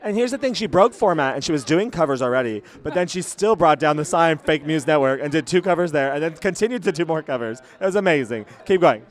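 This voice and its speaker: A man hosting a podcast in casual chat at a venue after a concert, with a worn, hoarse voice after a night of singing. He is excitable, theatrical and laughs often. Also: a little high, fast talker, hardly any pauses. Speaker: podcast host.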